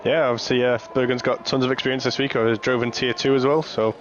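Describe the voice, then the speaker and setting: A man's voice: mid-range voice, level tone, fast, muffled recording, a little hiss or hum. A man co-commentating a sim race stream, trading dry, teasing quips. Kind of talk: live sim racing banter.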